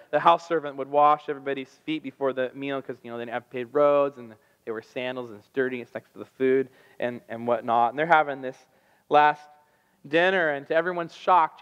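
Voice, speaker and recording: Man, pastor, sermon, animated storytelling, somewhat high pitch, long church reverb. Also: clean tone, muffled recording. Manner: animated storytelling, acting out voices. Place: church sanctuary.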